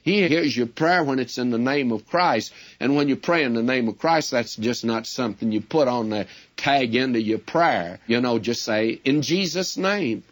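A Bible teacher preaches a sermon in a medium-pitched voice at a moderate pace with hardly any pauses. He speaks earnestly, addresses listeners directly as friends, and tells stories with quoted dialogue.

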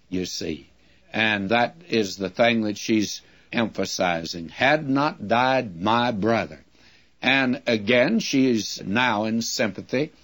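An older man, teaching a Bible passage in a folksy, conversational radio sermon full of asides to his listeners. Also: medium pitch. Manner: folksy, conversational preaching with asides like "you see" and "friends".

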